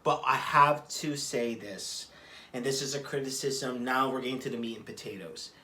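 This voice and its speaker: A man's voice: medium pitch, normal speed, sharp tone, slight background noise. A man talking casually to camera from a room at home, rambling and cursing as he digresses. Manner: rambling, profane, restarts and digressions. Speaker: vlogger.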